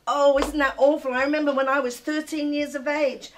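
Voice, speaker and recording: A woman's voice: high-pitched, flat delivery, a little fast. An older woman from England hosting a TV show, chatting with a child guest in a gushing, doting, sing-song way. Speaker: TV show host. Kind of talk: casual chat with a child guest.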